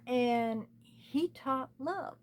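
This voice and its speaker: Slow, earnest woman pleading. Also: high-pitched, a little mellow. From United States. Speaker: channel host. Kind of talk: personal spoken commentary.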